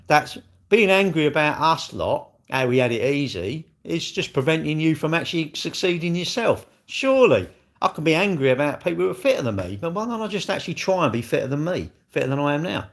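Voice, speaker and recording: A man's voice: fairly high pitch, gravelly. An older man hosting a casual livestream, talking bluntly, arguing with commenters and swearing freely. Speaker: livestream host.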